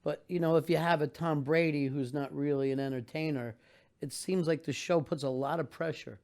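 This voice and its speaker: A man's voice: a little high, steady tone, normal speed, a little mellow. An older man hosting an interview, easygoing, laughing along and asking long questions. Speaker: interviewer host. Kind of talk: casual interview chat.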